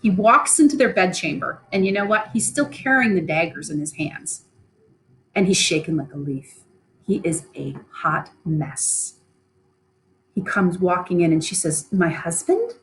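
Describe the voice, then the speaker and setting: A woman's voice: lowish voice, expressive, a little slow, a little hiss or hum, low-quality recording. A woman teacher reading a play aloud and explaining it in chatty, plain modern words.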